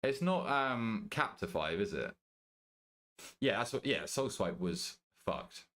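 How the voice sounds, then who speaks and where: A young British man streaming a game, chatting casually with his viewers, joking, swearing and thinking out loud. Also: on the low side, expressive, takes it slowly. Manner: banters with chat, swears casually, thinks aloud. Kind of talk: casual live-stream chat.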